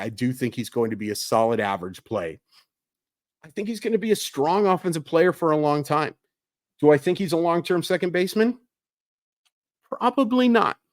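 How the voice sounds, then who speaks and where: Lively-voiced man breaking down a draft. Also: medium pitch, no room sound, clean studio sound. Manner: animated, self-correcting, conversational. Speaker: baseball analyst. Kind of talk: solo sports analysis.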